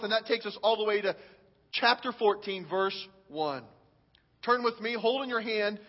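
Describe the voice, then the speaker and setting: A man preaching a sermon to his church, reading scripture with animated, dramatic swings in loudness. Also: very high voice. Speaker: pastor. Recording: dull sound with long hall reverb.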